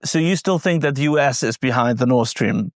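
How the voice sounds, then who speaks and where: Halting man interviewer. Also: medium pitch, dry recording, studio quality. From Germany. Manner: hesitant, halting, repeats words while restarting. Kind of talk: political interview.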